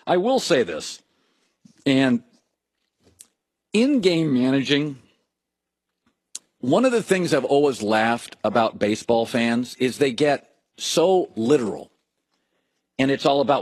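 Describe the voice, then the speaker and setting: A middle-aged man hosting a sports talk show, riffing in an opinionated monologue full of jokes and quick asides. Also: medium pitch, animated, no room sound. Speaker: sports radio host.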